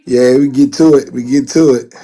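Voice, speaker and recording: A hoarse man co-hosts a relaxed livestream call, his voice worn from recent strain. He talks easily and keeps dropping in short slangy affirmations. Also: mid-range voice, moderate pace. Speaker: co-host and coach. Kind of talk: casual livestream chat.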